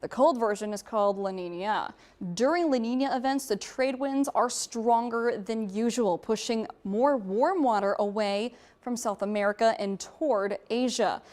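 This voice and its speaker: A young woman delivers TV weather forecasts and field reports in a clear broadcast manner. Her voice sits a little high, and she explains each point with upbeat energy. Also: moderate pace, darkish tone.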